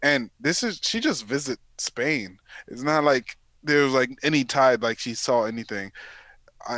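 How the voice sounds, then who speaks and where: Animated man telling stories, dry sound. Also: mid-range voice, dry recording. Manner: animated storytelling, acting out quotes. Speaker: podcast co-host. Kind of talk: casual chat.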